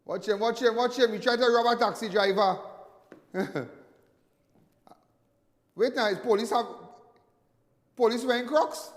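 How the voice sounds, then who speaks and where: A middle-aged man with a Trinidadian accent hosting a live call-in crime talk show, animated and emphatic, often repeating phrases for effect. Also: extremely high pitch, measured pace, pauses often, big-room sound. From Trinidad and Tobago.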